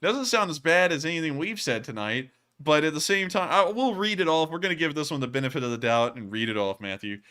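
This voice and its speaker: A man's voice: fairly high pitch, animated, fast talker, hardly any pauses, sharp tone, clear, resonant tone. A man hosting a casual livestream, answering viewer comments in a rambling way with lots of fillers and chuckles. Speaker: livestream host.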